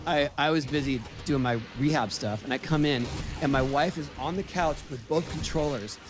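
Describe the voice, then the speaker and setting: A middle-aged man, a guest in a casual podcast chat, telling animated stories with frequent restarts. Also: a little high, normal speed, over music.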